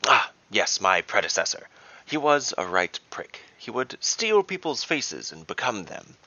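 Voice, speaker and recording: A man's voice: lowish voice, big pitch swings, a little slow, pushed and bright, dry recording, heavily acted. A man voicing a mischievous male halfling trickster god in a gleeful, teasing, theatrical way. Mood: playful. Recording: dull dry lo-fi recording.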